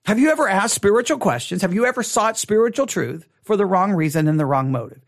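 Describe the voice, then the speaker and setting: A man who is a pastor, teaching a Bible study in an animated way, often repeating and restarting his words. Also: fast. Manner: animated, acts out quoted people with rising pitch.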